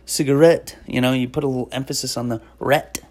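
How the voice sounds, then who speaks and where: A woman's voice: very deep voice, level tone, fast, a little mellow. Profane rambling woman podcaster. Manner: rambling, profane, sarcastic ranting. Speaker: podcast host; former stand-up comic. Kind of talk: casual podcast monologue.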